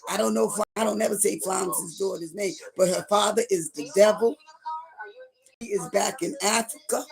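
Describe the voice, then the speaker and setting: A middle-aged woman gossiping on a livestream in a rambling way, now and then breaking into loud outbursts. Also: mid-range voice, moderate pace, gravelly.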